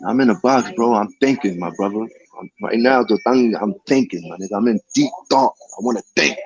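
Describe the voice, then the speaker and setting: A man's voice: a little fast, lo-fi sound. A man talking in a casual vlog monologue, rambling in slangy street talk with many restarts. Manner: sing-song high calls of a greeting catchphrase. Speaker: vlogger.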